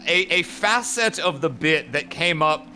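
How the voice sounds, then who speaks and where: A man in casual chat on a stream, with a giggly, drawn-out delivery. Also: a little high, animated, pushed and bright, a little hiss or hum.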